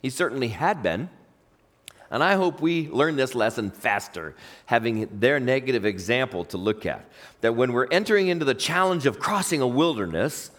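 A man's voice: mid-range voice, normal speed, in a large hall. A man preaching a sermon, reading scripture and asking his listeners questions. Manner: lively, questions the congregation. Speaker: pastor.

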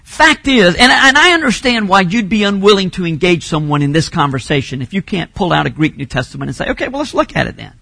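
Bright high-voiced man preaching a sermon. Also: sing-song, quick pace, gravelly, few pauses, no room sound. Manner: teaching, emphatic, rises to shouting on key phrases. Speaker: pastor.

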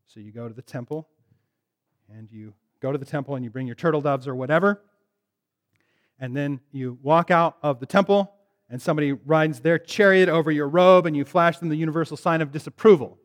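A male pastor delivers a sermon with a slightly higher-than-usual voice, chatting with his congregation and cracking jokes along the way. His words trail off into a long hall reverb. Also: a little fast. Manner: conversational, jokey, addresses congregation directly. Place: church sanctuary.

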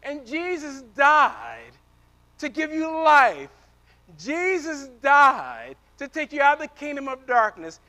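High-voiced bright preaching man. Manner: swings from loud preaching to hushed near-whisper, repeats words. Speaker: pastor. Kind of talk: sermon.

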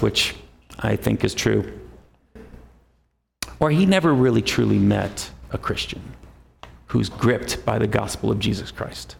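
A man preaching a sermon, emphatic, rising often to a high, forceful pitch. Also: creaky. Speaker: pastor.

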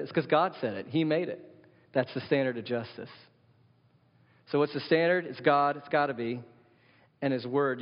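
A man preaching a sermon as pastor, in a blunt, conversational way, often asking the audience questions. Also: mid-range voice. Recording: dull sound in a reverberant hall.

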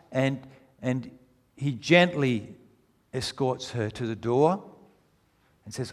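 A man preaching a sermon, telling a story with animated, rising delivery that climbs to near-shouting at its peak. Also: mid-range voice, slow pace, pauses often, in a large hall.

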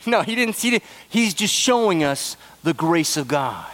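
A man preaching a sermon, earnest and emphatic, who rises to excited bursts and drops to soft, low asides. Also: unhurried. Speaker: pastor.

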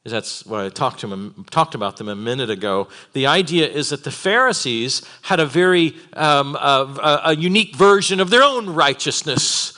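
Man teaching at a bible conference, bright tense voice, gets fired up. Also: fairly high pitch, lively intonation, normal speed, few pauses. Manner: earnest, builds from quiet to fervent.

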